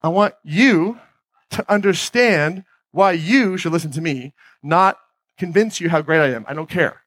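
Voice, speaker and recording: An energetic man in a fairly high register delivers a motivational talk from a stage, often turning to his audience with questions. His voice comes through dry and close, with little room sound. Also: unhurried, dry recording. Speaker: podcast host giving a talk on stage. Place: stage before a live audience.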